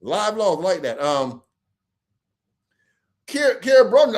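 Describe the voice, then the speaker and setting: A man hosting a late-night livestream, talking in a rambling, profane, animated way. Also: high-pitched, slow pace. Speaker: livestream host.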